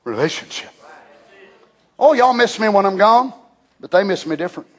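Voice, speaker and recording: An older man preaching a fervent sermon as pastor in a church, shouting at times and dropping to hushed tones. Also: high-pitched, expressive, brisk. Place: church sanctuary.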